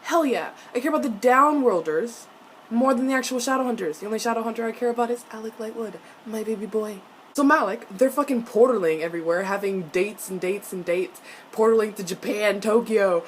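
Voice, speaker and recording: A young woman ranting excitedly about a TV episode in a casual reaction vlog, swearing and laughing as she goes. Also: mid-range voice, slight background noise, poor audio. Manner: excited, profane fangirl ranting, quick asides and laughs. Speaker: TV episode reviewer.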